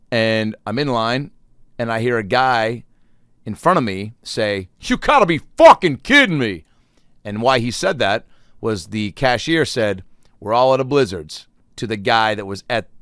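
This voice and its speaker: A man's voice: mid-range voice, fairly bright tone, no room sound, studio quality. A man in his thirties hosting a solo comedy podcast, telling rambling, profane stories and acting out the people in them. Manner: rambling, profane storytelling with acted-out quotes.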